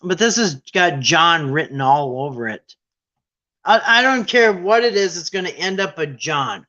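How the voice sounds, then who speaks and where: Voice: medium pitch, animated, unhurried, pushed and bright, dull audio. A quiz game host in casual, playful chat, with irreverent, sarcastic asides.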